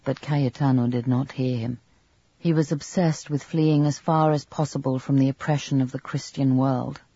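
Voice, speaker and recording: A man reading a novel aloud as an audiobook narrator, in a measured, even storytelling manner. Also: mid-range voice, husky, dry recording, muffled recording. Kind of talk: scripted narration.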